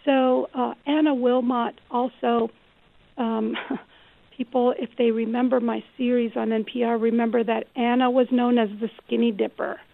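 A woman's voice: a little high, little pitch movement, normal speed, gravelly. A woman author speaking as a guest in a call-in radio interview, telling stories in an earnest, reflective way over the phone. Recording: phone line.

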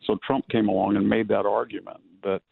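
A male guest, speaking by phone, in a measured manner, laying out long lists of examples. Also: fairly low pitch, flat delivery, creaky, husky, no room sound. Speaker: guest commentator. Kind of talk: political interview over the phone. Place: home in rural California. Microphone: telephone. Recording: tinny phone line.

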